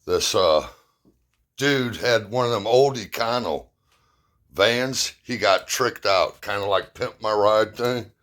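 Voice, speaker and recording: A man's voice: fairly low pitch, slow pace, a bit bright. A middle-aged man casually telling rambling, profane, self-mocking stories and jokes to his viewers. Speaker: vlogger. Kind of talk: casual storytelling.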